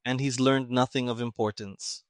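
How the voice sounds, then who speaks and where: A man voicing an irritable male army colonel who talks gruffly and snorts his words, in a dry recording. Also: medium pitch, fairly even intonation, moderate pace, no room sound, lightly acted. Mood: irritated.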